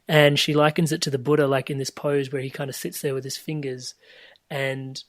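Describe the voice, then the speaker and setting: A man talking as a podcast guest over a video call, reflective and searching, often restarting phrases and letting them trail off softly. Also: mid-range voice, little pitch movement, fairly quick, no echo. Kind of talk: reflective conversational storytelling.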